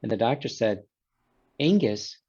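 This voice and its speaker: A man's voice: medium pitch, normal speed, vocal fry, breathy edge, highs cut off. A man, a guest in a conversation, telling a story and acting out the quoted exchanges. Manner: animated storyteller who voices quoted exchanges.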